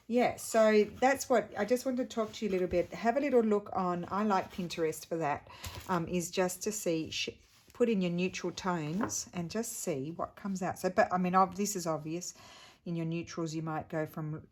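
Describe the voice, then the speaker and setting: A middle-aged woman hosts a relaxed craft tutorial, her voice sitting a little on the low side. She chats loosely, trailing off and picking her thoughts back up as she shows her materials. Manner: chatty, rambling, trails off and restarts. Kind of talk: casual craft demonstration.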